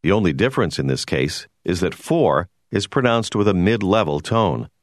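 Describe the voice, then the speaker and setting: A man giving a scripted, measured narration for a language course. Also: deep voice, expressive, dry recording, studio quality. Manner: measured, explanatory.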